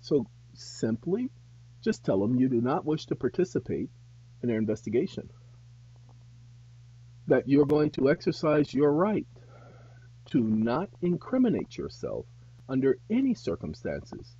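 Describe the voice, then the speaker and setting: A husky man talks straight to his viewers, measured and deliberate, and his lively pitch swings up into loud indignation. It is a dull, dry recording. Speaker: host. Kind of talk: advice monologue to viewers.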